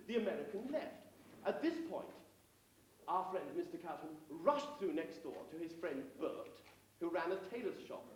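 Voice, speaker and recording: English guy hosting an old amateur variety show, high lively voice, far off in a big echoey hall. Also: normal speed, slight background noise. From England. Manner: theatrical, mock-pompous storytelling. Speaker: compere telling jokes and singing. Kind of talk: stage patter and comic song. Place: amateur theatre stage, live audience. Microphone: far room recording. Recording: echoey distant hall recording.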